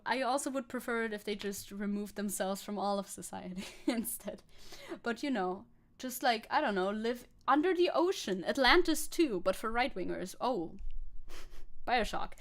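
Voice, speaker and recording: A young female VTuber from Germany talks in a high-ish voice, loose and sarcastic as she reads chat comments. She swears freely and breaks into laughs often in an easygoing live-stream chat.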